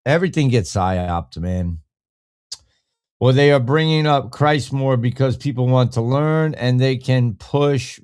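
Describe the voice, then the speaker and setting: A man's voice: medium pitch, creaky, a little mellow. A man hosting a live podcast, chatting casually, rambling and swearing as he reacts to the chat. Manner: rambling, profane, reads chat aloud. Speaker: podcast host. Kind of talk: casual live-stream talk.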